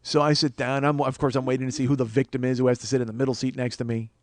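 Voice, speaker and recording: A man in his forties hosting a podcast, telling a comedic story in a profane, ranting way that builds to loud exasperation. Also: medium pitch, little pitch movement, very fast, a crowd in the background. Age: 40s. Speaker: podcast host.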